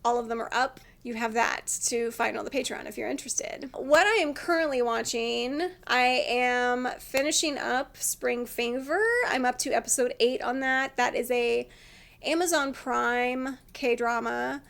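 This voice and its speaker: Chatty high-voiced woman with vocal fry. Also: steady tone, a little slow, a bit bright. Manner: chatty, laughs often, acts out quotes. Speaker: vlogger. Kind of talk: casual chat about TV dramas.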